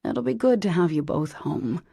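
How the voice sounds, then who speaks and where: A woman's voice: low voice, sing-song, normal speed, vocal fry, dark tone, husky, dry recording, clean studio sound, full character voice. A woman voicing a tired, worried father who sighs as he talks, in an audiobook. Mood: weary. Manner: weary, sighing.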